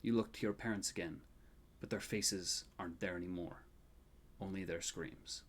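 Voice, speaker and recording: A man narrating a tabletop game as game master, measured and soft, dropping very quiet in the sad passages. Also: sits low, fairly even intonation, a little hiss or hum.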